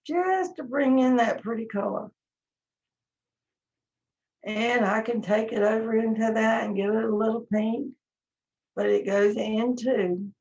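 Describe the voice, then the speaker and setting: Slow gentle woman teaching painting. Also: fairly high pitch. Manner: slow, gentle step-by-step instruction. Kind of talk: live online painting lesson. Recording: dull lo-fi stream audio.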